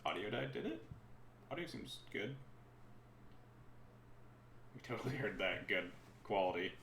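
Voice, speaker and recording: Chatty low-voiced man streaming a card game. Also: lively intonation, a little slow, gravelly, fairly bright tone, roomy sound, slight background noise. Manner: chatty, rambling, self-interrupting. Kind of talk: casual card game commentary. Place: room at home.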